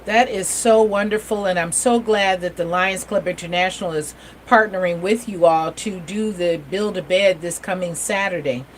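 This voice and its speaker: A woman's voice: lowish voice, a little hiss or hum, low-quality recording. Chatty, upbeat woman host. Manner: chatty, enthusiastic, quick asides. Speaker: community TV show host. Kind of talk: casual interview chat.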